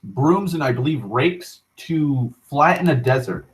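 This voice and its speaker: A young man hosting an online talk show, rambling casually with frequent profanity, restarts and excited tangents. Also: medium pitch, unhurried, rough recording. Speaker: internet talk show host.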